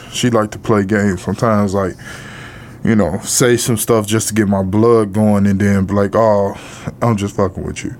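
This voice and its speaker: A middle-aged man with a low, darkish voice, a podcast co-host, tells a personal story slowly. His delivery is halting, with frequent pauses and fillers, and his blunt talk is sprinkled with casual swearing over faint background noise.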